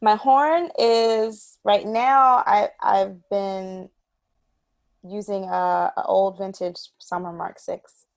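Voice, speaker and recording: A woman saxophonist talking as a guest in a casual interview, telling stories in an animated way and laughing often. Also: mid-range voice, slow pace, creaky, no room sound.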